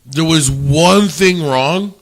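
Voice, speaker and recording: A man hosting a casual podcast chat, telling animated stories full of swearing and stammered restarts. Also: fairly high pitch, slow. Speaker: podcast host.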